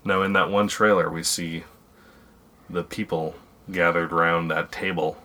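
Very low-voiced playful woman host. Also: steady tone, measured pace, fairly bright tone. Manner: playful, jokey, laughs easily. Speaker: podcast host. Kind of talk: casual family podcast chat.

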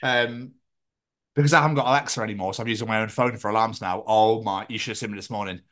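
A man's voice: fairly low pitch, fairly even intonation, fast, fairly bright tone. A man with a British accent hosting a podcast, rambling casually, swearing and acting out silly bits. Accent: British English. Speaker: podcast host. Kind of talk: casual chat.

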